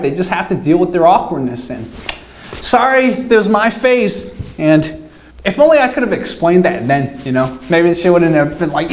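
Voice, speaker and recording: A young man casually telling a rambling, self-mocking story with plenty of swearing. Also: high-pitched. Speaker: vlogger. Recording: echoey room.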